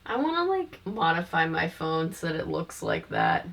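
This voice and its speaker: A woman's voice: deep voice, very animated, normal speed, creaky, a bit bright, faint music behind. A young woman hosting a casual film review, chatty and wry, often laughing. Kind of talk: casual commentary.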